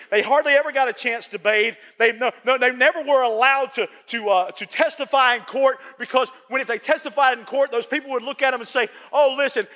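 A man with a very high, bright, forceful voice preaches a sermon, repeating phrases for emphasis. He swings from booming lines to hushed ones. Long reverb from the church hangs on his words. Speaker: pastor.

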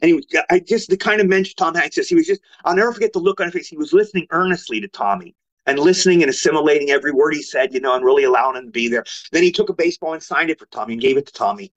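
A man's voice: fairly high pitch, racing. An older man, a guest actor, telling stories in casual talk and acting out what others said in a raised voice. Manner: animated, quotes others in raised voice. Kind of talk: casual storytelling. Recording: lo-fi remote audio.

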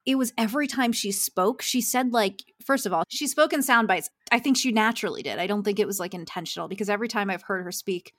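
A woman's voice: mid-range voice, fast, hardly any pauses. A woman, a success coach, talking earnestly in a podcast interview and laughing often.

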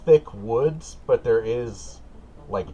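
A man running a tabletop game as game master, setting scenes in a relaxed, patient way. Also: mid-range voice, takes it slowly, husky.

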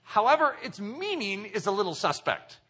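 A man preaching a sermon, animated and full of rhetorical questions, acting out inner voices. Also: sits high, moderate pace, breathy edge. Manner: acts out inner voices in quotes.

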